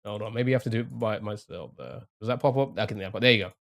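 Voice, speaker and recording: A man's voice: fairly low pitch, fast, creaky. A young man streaming a game live, thinking aloud, chatting to viewers and laughing often. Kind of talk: casual live-stream commentary.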